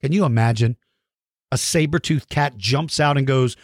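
A man teaching viewers as a science educator, animated and speculative, asking rhetorical questions and speaking to them directly. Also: mid-range voice, moderate pace, dry recording, studio quality. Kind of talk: explaining to viewers.

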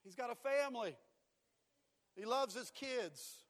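A man's voice: extremely high pitch, animated, a little slow, fairly bright tone, in a large hall. A man preaching a sermon as pastor, emphatic and repetitive, moving into storytelling. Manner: emphatic preaching with repeated phrases, dropping to storytelling.

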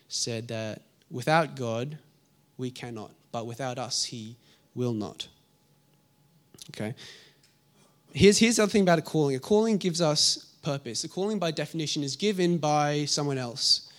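A young man preaching a sermon, telling a story in lively asides and acting out the people in it. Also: medium pitch, normal speed.

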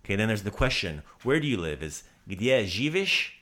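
A man co-hosting a podcast, patiently teaching a friend Croatian phrases in a casual lesson and repeating them slowly. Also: on the low side, sing-song, bright, forceful tone.

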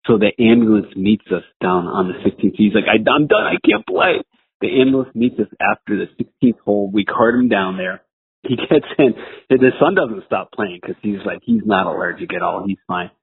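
A man with a low, gravelly and slightly husky voice tells a story as a caddie. His delivery is animated and excited. The sound is tinny and phone-like. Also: fairly quick. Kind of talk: voice-message anecdote. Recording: tinny phone-line recording.

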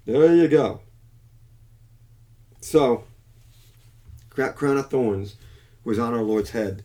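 A man's voice: medium pitch, slow pace, pauses often, warm tone. A man delivering an emphatic preaching monologue on faith and economics, with frequent restarts and self-corrections. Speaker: Christian commentator.

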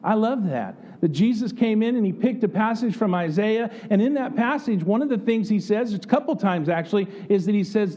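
Mellow-voiced American preacher man. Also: sits high, lively intonation, brisk, few pauses, muffled recording. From United States. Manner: earnest, conversational preaching with rhetorical questions. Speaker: pastor. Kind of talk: sermon.

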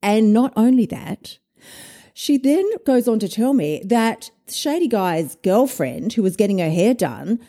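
A woman, a weight loss coach telling a story in a casual monologue, animated, swearing and laughing often. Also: medium pitch, unhurried.

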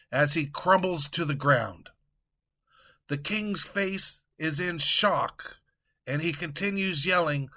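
Slow, bright-voiced male storyteller. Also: a little high. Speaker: podcast host and narrator. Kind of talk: storytelling narration.

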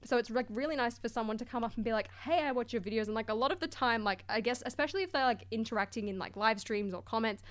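A woman's voice: a little high, quick pace, hardly any pauses. A young Australian woman chatting as a podcast guest, filling her speech with "like" and acting out what people said to her. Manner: chatty, fills every phrase with "like", acts out quoted voices. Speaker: guest, LEGO content creator. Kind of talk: casual podcast chat.

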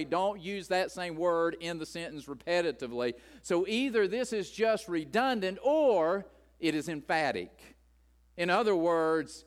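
Emphatic preacher man, fairly high voice. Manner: emphatic, building to raised repetitive emphasis. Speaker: pastor. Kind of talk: sermon.

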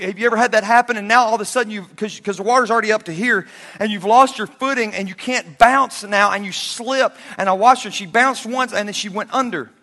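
High bright-voiced male preacher in a hall. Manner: animated storytelling, bursts of shouting. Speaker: pastor. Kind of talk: sermon. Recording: long hall reverb.

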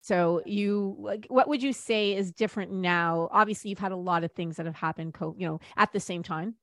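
A woman with a slightly low voice hosts a podcast and poses questions thoughtfully, often circling back as she hunts for the right words. The recording is close and dry, with no room sound. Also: normal speed, a bit bright, dry recording. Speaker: podcast host. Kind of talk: casual interview questions.

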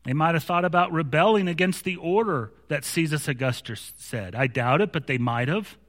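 A man's voice: on the high side, moderate pace, fairly bright tone, big-room sound. A man preaching a sermon as pastor, telling stories with mounting animation and frequent restarts. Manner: storytelling with growing animation, many restarts.

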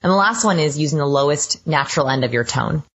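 Low-voiced woman, guest on a podcast. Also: expressive, fast talker, fairly bright tone, lo-fi sound. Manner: enthusiastic, self-described science geek. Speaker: guest expert. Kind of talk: podcast interview.

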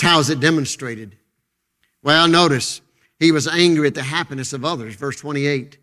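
Preaching fervently from a church pulpit, a pastor with a slightly high voice swings between loud, emphatic declarations and quiet, intense stretches. He repeats himself a great deal.

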